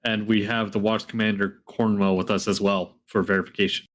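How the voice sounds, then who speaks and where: A man's voice: fairly low pitch, level tone, a little fast, a bit bright, a little hiss or hum. A man playing a tabletop game online, eagerly asking questions about the rules and sometimes speaking as his character. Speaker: player.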